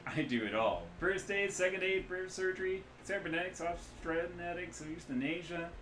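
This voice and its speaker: A cheerful, hungover middle-aged doctor who runs a back-alley clinic, as a man puts him on, brash and folksy with a Midwestern twang. He talks high and loud, bragging about his trade. The sound bounces around an echoey room. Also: moderate pace, slight background noise. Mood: boastful. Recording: roomy echo.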